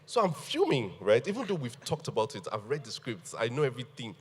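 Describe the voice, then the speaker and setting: A man telling an animated story on a panel, laughing and acting out what people said. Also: medium pitch, quick pace, husky, in a large hall. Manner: animated, laughing storyteller who acts out quotes. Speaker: guest.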